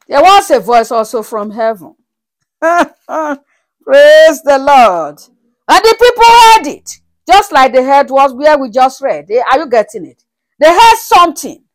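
Animated woman preaching a sermon. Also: high-pitched. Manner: animated, with frequent rhetorical checks on the congregation; breaks into laughter and praise between verses. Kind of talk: sermon with Bible reading.

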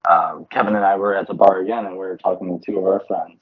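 Husky low-voiced man telling a story. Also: fast, narrow, tinny audio. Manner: animated storyteller, laughs often, swears casually. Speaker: podcast co-host. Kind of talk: casual chat.

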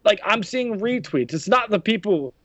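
A man's voice: high voice, expressive, normal speed, a bit bright, no room sound. Indignant man ranting on a podcast. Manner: indignant ranting, rhetorical questions. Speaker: podcast host. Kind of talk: heated podcast discussion. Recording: dry, dull lo-fi sound.

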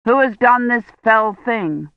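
A woman playing a pompous young knight from an audiobook, bragging in a loud, raised, theatrical voice. He declaims every line as if performing for a crowd, his speech pitched above the reader's own. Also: lively intonation, takes it slowly, no room sound, lo-fi sound. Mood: boastful. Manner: grand, declaiming storyteller tone.

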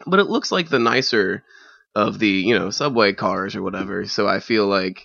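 A young man telling a funny anecdote in casual conversation, animated, often acting out other people's voices. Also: fairly low pitch, normal speed, gravelly, dry recording, lo-fi sound.

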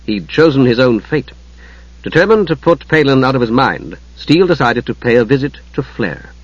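A man narrating a fantasy novel as an audiobook in a measured, dramatic storytelling manner. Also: mid-range voice, breathy edge, no echo, highs cut off.

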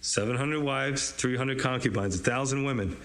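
A man in the middle of a relaxed Bible teaching, talking through the verses in a chatty, off-the-cuff way. His pitch sits at an ordinary middle level. He pads his points with fillers and laughs easily as he goes. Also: normal speed. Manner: conversational, chuckles often, many fillers and asides. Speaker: pastor teaching a Bible study. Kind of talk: casual verse-by-verse sermon.

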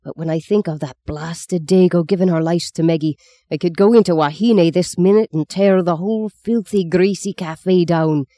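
Brief: reader doing an explosive, swearing farm father, storybook reading, gruff timbre, dry sound. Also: mid-range voice, expressive, slow, hardly any pauses, mellow, dry recording. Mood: furious. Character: hot-tempered father of a large farm family.

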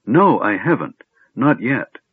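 A man's voice: on the low side, very animated, measured pace, husky, no room sound, full character voice. A man voicing a frightened young woman, anguished and defiant, speaking in a pleading, tearful way. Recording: narrow phone-like sound.

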